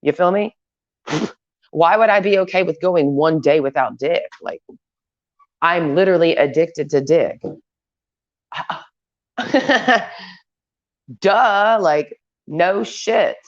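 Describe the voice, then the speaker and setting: A woman's voice: on the low side, lively intonation, slow, pauses often. A woman vlogger ranting in a crude, profane, stream-of-consciousness ramble. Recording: dull lo-fi recording.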